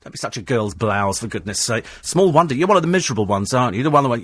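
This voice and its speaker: A man's voice: medium pitch, expressive, racing, few pauses, fairly bright tone, slightly rough, dry recording. A man hosting a talk radio phone-in, combative and sarcastic as he answers listener texts in a studio. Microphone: studio microphone.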